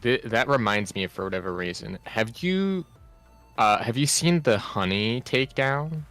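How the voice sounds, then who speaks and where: A man's voice: mid-range voice, animated, unhurried, a bit bright, soft background music. A man who works as a video editor, chatting casually on a stream and rambling as he loses his train of thought. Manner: rambling, trailing off.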